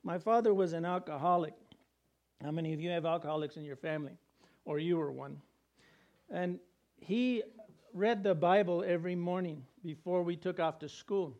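High-voiced man preaching conversationally. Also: moderate pace, a little mellow, lo-fi sound. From New Mexico. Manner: conversational preaching with emphatic repetition. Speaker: pastor. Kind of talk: sermon.

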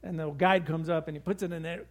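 High-voiced man preaching a lively sermon. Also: fast talker. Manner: storytelling, lively and conversational. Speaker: pastor.

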